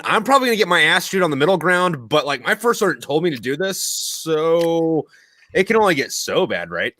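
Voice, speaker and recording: A man's voice: a little high, pushed and bright, no room sound. A young man telling profane war stories in casual chat, rambling with lots of fillers. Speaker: podcast host.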